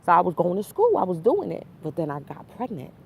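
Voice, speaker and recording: A woman's voice: lowish voice, huge pitch swings, brisk, creaky, darkish tone, breathy edge. A woman candidly telling her own life story to camera, slangy and full of asides. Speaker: vlogger.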